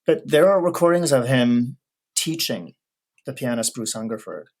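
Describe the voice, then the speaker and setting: A man, a guest expert on historical piano recordings, explaining ideas in a thoughtful, measured way during a casual interview. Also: medium pitch, animated.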